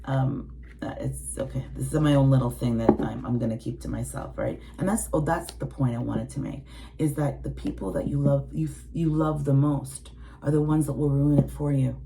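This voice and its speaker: A woman's voice: very deep voice, fairly even intonation, moderate pace, creaky, dark tone, slight background noise. A woman in her late forties, a tarot reader, ranting bluntly and emotionally to her viewers, swearing heavily and mimicking other people's voices. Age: 40s. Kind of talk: personal rant to viewers.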